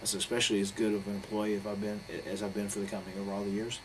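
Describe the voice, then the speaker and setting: A man's voice: on the low side, little pitch movement, very fast, noisy background. A man, talking bluntly and profanely as he tells a heated personal story in a candid interview. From North Carolina. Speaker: interviewee, professional wrestler.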